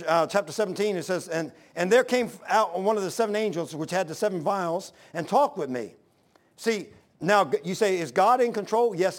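A man preaching a sermon, swinging between loud exhortation and low hushed asides. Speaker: pastor.

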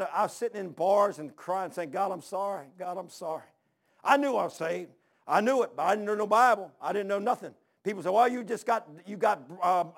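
Gravelly high-voiced preacher. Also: male voice. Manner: rambling, folksy, emphatic with repeated phrases. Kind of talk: sermon with personal stories.

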